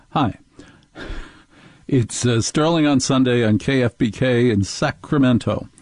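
Man, radio talk host, opinionated, sarcastic, dark tone, dry studio sound. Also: medium pitch, very slow, long pauses, no echo. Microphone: studio microphone.

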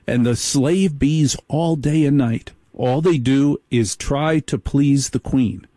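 Slow-talking guy with a dark mellow voice, sardonic comic riff, dry sound. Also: mid-range voice, dry recording. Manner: sardonic, storytelling. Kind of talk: comic monologue.

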